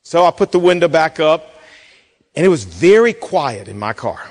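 Male pastor, high lively voice, storyteller delivering a sermon in a reverberant hall. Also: moderate pace. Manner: storytelling, animated, acts out quoted voices.

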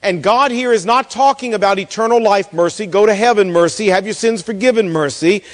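Male pastor, high lively voice, storyteller delivering a sermon in a reverberant hall. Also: a little fast. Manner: storytelling, animated, acts out quoted voices.

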